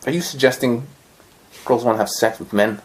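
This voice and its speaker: Guy hosting a podcast, swearing a lot, telling a story all animated, pitch jumping around. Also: brisk, background noise. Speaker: podcast host. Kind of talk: casual storytelling chat.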